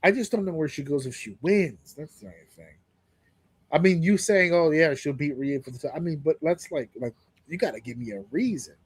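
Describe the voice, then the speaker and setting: A man's voice: fairly high pitch, a little fast, husky, no echo. A man co-hosting a podcast in casual chat, telling stories with lots of energy and plenty of swearing. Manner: animated storyteller, swears freely. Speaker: podcast co-host.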